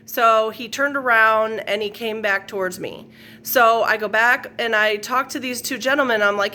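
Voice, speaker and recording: A woman's voice: a little high, steady tone, normal speed, bright, forceful tone. A middle-aged woman earnestly retelling a dream as a personal faith testimony, rambling with fillers and quoted lines. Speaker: faith video host. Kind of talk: personal testimony, casual storytelling.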